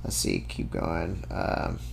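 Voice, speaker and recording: A man's voice: low voice, very animated, slow, vocal fry. A man giving an informal apologetics talk. He reads scripture passages aloud and breaks off with casual asides and fillers. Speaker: Christian apologist.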